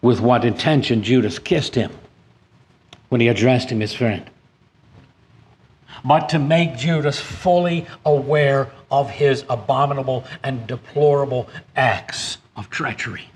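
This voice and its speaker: A man delivers a sermon at a middling pitch, reading scripture passages aloud. He climbs emphatically on key points and sometimes stumbles into restarts. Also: steady tone, unhurried. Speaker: preacher.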